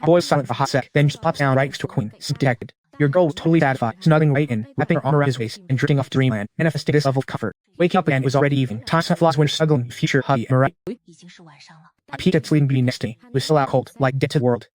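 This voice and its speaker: A man's voice: medium pitch, rapid-fire, a little mellow. A man narrating a comic story recap in the first person, in a slangy, wry and teasing way.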